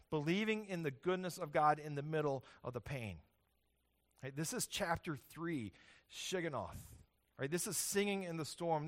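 Fairly high-voiced male preacher, emphatic. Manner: emphatic, repeats "right?" often. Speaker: pastor. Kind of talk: sermon. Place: church hall with congregation.

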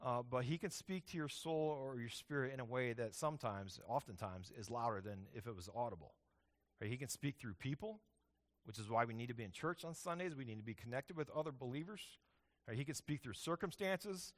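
A man's voice: mid-range voice, fairly quick. A man preaching a sermon as the pastor, talking in a conversational way and often checking in with "right?".

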